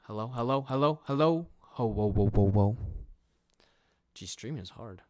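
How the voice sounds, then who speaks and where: A young man in his twenties rambles through a casual livestream chat, answering viewer comments with an easygoing, self-mocking manner. His voice sits at an ordinary middle pitch. The sound is dry and close, with hardly any room in it. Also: moderate pace, dry recording. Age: 20s. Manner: rambling, easygoing, laughs at himself. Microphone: desk microphone and headset.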